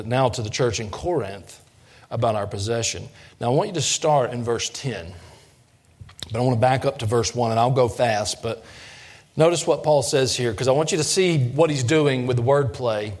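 A man preaching a sermon, folksy and questioning the congregation, building up in intensity. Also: darkish tone. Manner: folksy, asks the congregation questions, rises in pitch and force when preaching. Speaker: pastor.

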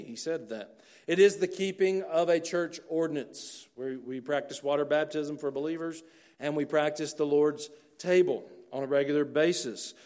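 A man preaching a sermon to his congregation, earnest and slowing down to stress key phrases. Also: fairly high pitch, a little mellow. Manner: earnest, slows down for emphasis. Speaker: pastor.

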